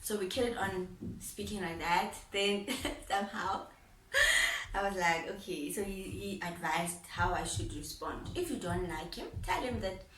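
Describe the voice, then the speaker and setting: A woman's voice: mid-range voice, unhurried, a little hiss or hum. Young woman chatting her story, lots of laughs and voices, sounds a bit far off in an echoey room. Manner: animated, laughing, acting out both sides of the dialogue. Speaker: vlogger. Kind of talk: personal storytelling. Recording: roomy echo, voice set back from the mic.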